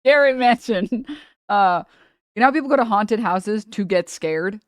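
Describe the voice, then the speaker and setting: A woman livestreamer chatting casually with her viewers and reading chat, rambling and animated, laughing often and swearing freely. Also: medium pitch, normal speed, no echo, studio quality.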